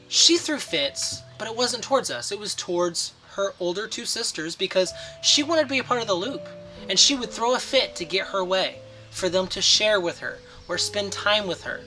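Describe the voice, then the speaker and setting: A man's voice: sits high, normal speed, faint music behind. Earnest father giving parenting advice. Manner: steady, earnest, acts out short quoted phrases. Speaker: parenting channel host, father of daughters. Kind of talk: earnest advice talk to camera.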